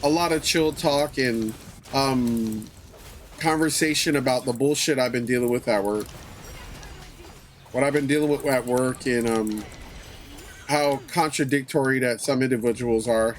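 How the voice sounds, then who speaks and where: A man hosting a livestream, chatting casually with viewers in a relaxed way, swearing often and repeating his phrases. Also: mid-range voice, measured pace, long pauses, a little hiss or hum. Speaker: livestream host.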